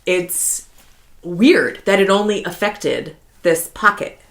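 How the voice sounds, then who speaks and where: A woman in her thirties with a somewhat low voice chats through a casual podcast as co-host. She laughs easily and keeps sprinkling like through her talk. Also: takes it slowly. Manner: chatty, laughs often, heavy use of like as a filler. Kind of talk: casual conversational podcast chat.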